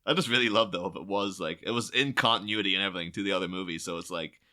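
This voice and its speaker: Guy on a podcast, super animated, bright tone, keeps doing silly quote voices. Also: low-pitched, very fast. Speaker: podcast co-host. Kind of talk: casual chat.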